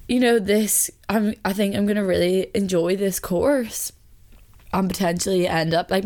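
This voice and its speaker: A woman's voice: fairly low pitch, gravelly, a little mellow. A woman in her twenties hosting a podcast, talking in a rambling, candid and confessional way, full of "like". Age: 20s. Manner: rambling and chatty, heavy use of "like"; open and confessional. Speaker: podcast host. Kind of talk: candid casual monologue.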